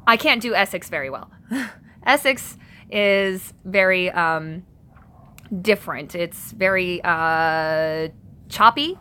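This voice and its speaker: A woman's voice: fairly low pitch, expressive, takes it slowly, bright, forceful tone, clean tone. A woman hosting a casual live stream from home. She reads viewer comments aloud and answers them, chatty and self-conscious, laughing often.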